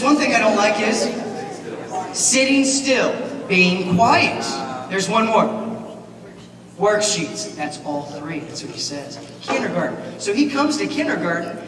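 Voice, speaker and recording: A man giving a keynote speech at a banquet, animated and asking the audience questions. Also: high-pitched. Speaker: keynote speaker, teacher. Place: large banquet hall. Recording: echoey hall, mic from far off, noisy.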